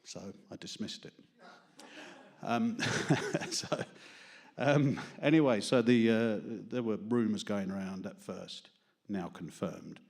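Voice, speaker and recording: A man's voice: on the low side, slow pace, gravelly, a little mellow. Rambling London man doing stand-up. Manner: self-deprecating, rambling, laughs at own jokes. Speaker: open mic performer. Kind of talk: stand-up comedy and poetry reading. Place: small studio with live audience.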